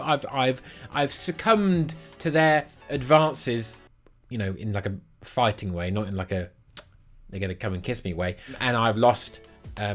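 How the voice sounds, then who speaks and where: Animated, crude young man. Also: a little high. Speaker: YouTube host. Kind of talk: comedic monologue.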